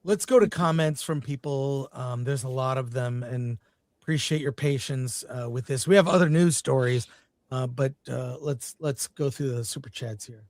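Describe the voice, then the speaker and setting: A man hosting a casual film-talk panel, speaking in an animated, enthusiastic way. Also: medium pitch, normal speed, dry recording. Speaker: show host.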